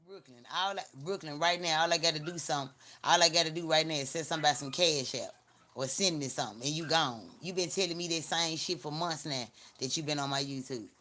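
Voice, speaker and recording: A woman's voice: deep voice, quick pace, pushed and bright. A woman with a Memphis Southern accent hosting a live stream, talking in blunt, slangy, repetitive and teasing casual chat. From Memphis, Tennessee. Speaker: livestream host.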